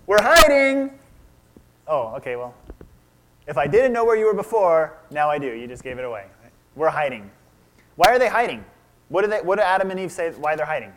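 A man's voice: fairly high pitch, big pitch swings, fast, a little hiss or hum. A man in his thirties preaching a sermon, retelling a story and asking his listeners questions. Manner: asks the audience questions, acts out quotes.

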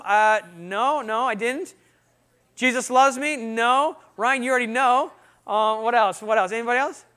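A man sharing his testimony with students in an animated storytelling talk, often asking the audience questions. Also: extremely high pitch, clear, resonant tone.

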